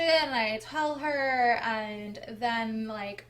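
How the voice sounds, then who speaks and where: A young woman with a slightly high voice tells her own story to the camera as a vlogger. She talks casually and animatedly, full of "like" and "um". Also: drawn-out words. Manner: chatty, animated retelling with many "like" fillers.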